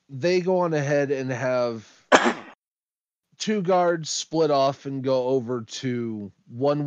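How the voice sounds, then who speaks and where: A man narrating a tabletop game as game master, in a halting way with restarts. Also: mid-range voice, clear, resonant tone, dry recording, dull audio.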